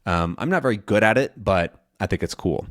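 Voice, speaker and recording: A young man teaching an English lesson in a casual way, pausing to demonstrate and drawn out sounds, with frequent ums and self-corrections. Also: fairly low pitch, lively intonation, fairly bright tone.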